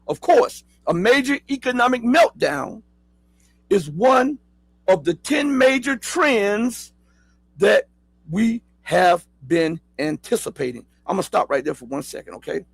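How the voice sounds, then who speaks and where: A middle-aged man with a Southern accent hosts his own talk show. His voice sits high and a little husky, and the room around it is dry. He reads an article aloud and keeps breaking off to ask his viewers questions. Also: big pitch swings, unhurried, no echo, low-quality recording. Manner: talks straight to viewers, asks rhetorical questions, spells words out. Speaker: host. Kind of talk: casual commentary, reading an article aloud.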